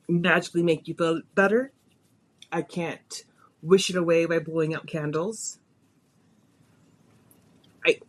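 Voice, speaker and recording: A woman hosting a podcast, telling a personal story in a confessional, emotional way, her voice rising and falling with feeling. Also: low-pitched. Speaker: podcast host.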